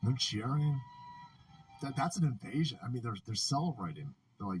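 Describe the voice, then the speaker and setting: A man's voice: mid-range voice, sing-song, normal speed, fairly bright tone, slight background noise, low-quality recording. A man hosting a political livestream, ranting in a casual, profane way and often laughing. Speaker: livestream host. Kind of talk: casual political commentary stream.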